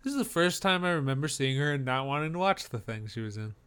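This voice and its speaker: A man's voice: medium pitch, animated, fast, fairly bright tone, clear, resonant tone. A man from the northern United States co-hosting a casual chat about trailers, rambling and enthusiastic with a joking streak. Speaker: podcast co-host.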